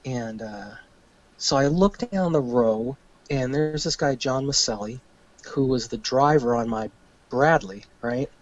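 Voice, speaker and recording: A man's voice: medium pitch, measured pace, muffled recording. A man, an army veteran and podcast guest, telling a story casually, cursing freely and acting out the lines of the people in it. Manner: animated, profane, acts out quoted dialogue.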